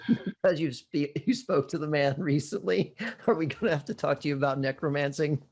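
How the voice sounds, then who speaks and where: A man's voice: fairly high pitch, fairly quick, creaky, a little mellow. A man co-hosting a casual educational wine show, describing wines with enthusiasm and vivid tasting terms.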